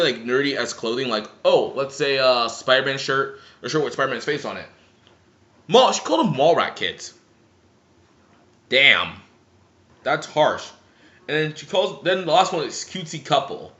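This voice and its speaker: A man's voice: fairly high pitch, a bit bright. A man ranting sarcastically and profanely in a seated commentary vlog, filmed indoors on a camera mic. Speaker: vlogger. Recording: roomy, dull lo-fi sound.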